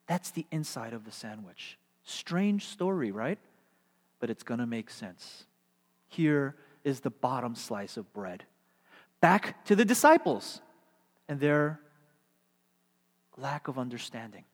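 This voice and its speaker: A man preaching a sermon, asking rhetorical questions and swinging from emphatic to hushed delivery. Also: medium pitch, very animated, takes it slowly, pauses often, long reverb tail.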